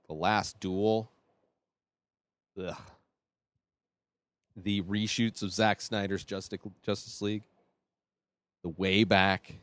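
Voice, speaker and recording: A man's voice: on the low side, smooth, no echo. Guy ranting on his podcast, blunt and rambly, dry close sound. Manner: blunt, rambling, opinionated with fillers. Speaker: podcast host. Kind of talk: casual opinion monologue.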